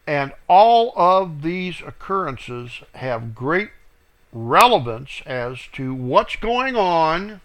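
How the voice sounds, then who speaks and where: A man leading a verse-by-verse Bible study in a slow, unhurried voice. He reads each verse aloud with weight, then explains it, pausing on fillers. His voice sits a little high and has a bright edge. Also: very animated. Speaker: Bible teacher. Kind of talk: verse-by-verse scripture teaching.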